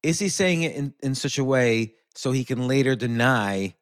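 A man's voice: mid-range voice, animated, moderate pace, dry recording. Guy hosting a podcast, asks straight questions, medium voice, dry sound. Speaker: interview host. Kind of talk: casual interview questions.

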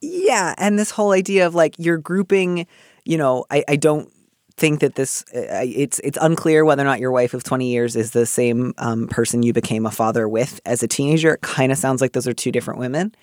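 A man's voice: medium pitch, a little fast, dry recording, studio quality. A man co-hosting an advice podcast, talking casually and with animation, full of restarts and fillers.

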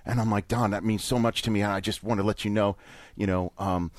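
A man hosting a podcast, telling stories in an animated, self-mocking way. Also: lowish voice, fast talker, no echo. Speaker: podcast host. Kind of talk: casual chat, telling anecdotes.

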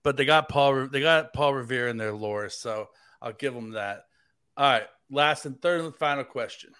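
Bright, rambling, jokey American man. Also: medium pitch, moderate pace, smooth, no echo, studio quality. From United States. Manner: rambling and jokey, heavy use of "like". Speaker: fill-in podcast host. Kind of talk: casual sports podcast chat.

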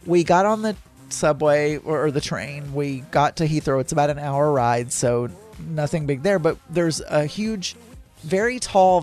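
A man's voice: fairly high pitch, a little mellow. A middle-aged man hosting a podcast, telling a story in a loose, rambling way that is full of fillers and self-corrections. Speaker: podcast host. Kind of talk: casual solo travel storytelling.

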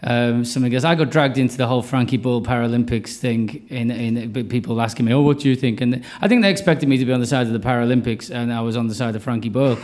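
A man answering as a comedian guest, halting and repeating words as he thinks aloud. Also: medium pitch, a little mellow. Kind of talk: casual interview answer.

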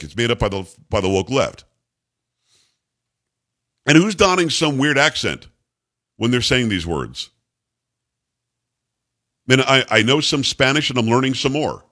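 On his talk radio show, a man with a medium-pitched, somewhat bright voice reads out news stories and ridicules them. His monologue is opinionated, combative, and sarcastic.

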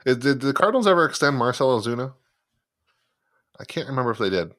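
A man's voice: medium pitch, big pitch swings, quick pace, a bit bright. A man co-hosting a casual sports podcast, laughing often and firing off follow-up questions. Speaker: podcast co-host.

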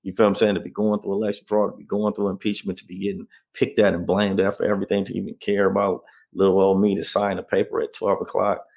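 A man with a low, creaky, slightly mellow voice talks fast in a flat delivery with few pauses. Appearing as an interview guest, he shares his personal story conversationally and often adds "you know what I mean."

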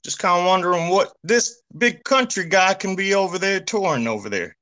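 Folksy man with a bright voice. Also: high voice, lively intonation, normal speed. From Texas. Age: young adult. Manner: folksy, drawling. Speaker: caller.

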